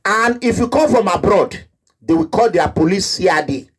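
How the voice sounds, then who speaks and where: A Nigerian man with a Nigerian accent, an activist, delivers a rambling, impassioned monologue at normal speed in an animated, indignant tone. His voice is high for a man with a slightly husky edge, and he breaks into laughter and keeps acting out the voices of the people he describes.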